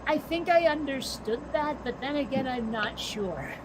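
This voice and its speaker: A woman's voice: sits high, lively intonation, a little slow. Joking woman with a noisy background. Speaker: chat participant. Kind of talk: casual online group chat.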